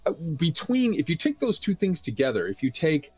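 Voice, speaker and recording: A man co-hosting a casual podcast, speaking in an excited, emphatic way. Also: a little high, brisk, husky, dry recording, soft background music. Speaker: podcast co-host.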